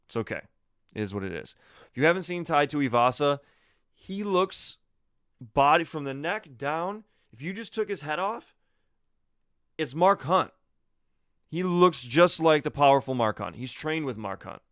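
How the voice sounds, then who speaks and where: Guy ranting on his own podcast, smooth voice, punchy and animated, keeps asking what are we doing. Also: mid-range voice, dry recording, studio quality. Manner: emphatic, animated, rhetorical questions. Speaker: podcast host. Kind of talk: opinionated solo commentary.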